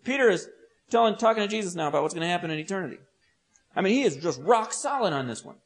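High-voiced man preaching. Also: expressive, fast. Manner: vivid, storytelling delivery with humorous asides. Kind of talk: expository sermon.

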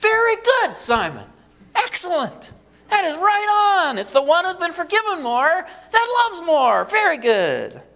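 A man's voice: very high voice, huge pitch swings, a little slow, fairly bright tone, voice pushed up, heavily acted. A man voicing an adult male teacher who praises a pupil emphatically. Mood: emphatic praise. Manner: emphatic, effusively approving.

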